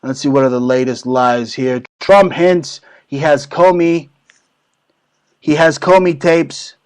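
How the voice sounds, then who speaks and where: A man's voice: mid-range voice, takes it slowly, clear, resonant tone, low-quality recording. A man hosting his own talk show, ranting crudely and mockingly about politics with heavy swearing. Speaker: show host. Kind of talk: profane political rant.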